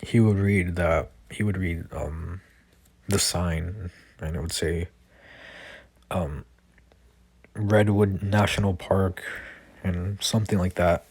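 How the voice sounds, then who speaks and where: Slow, hesitant man with a deep husky voice. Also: fairly even intonation, darkish tone, dry recording. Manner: hesitant, filler-heavy, rambling. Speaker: storyteller. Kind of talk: improvised fan-fiction narration.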